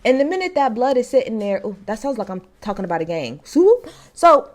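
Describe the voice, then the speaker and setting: Animated woman ranting about a show. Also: fairly high pitch, brisk. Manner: animated, emphatic, slangy storytelling. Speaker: TV show reviewer. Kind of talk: ranting episode recap.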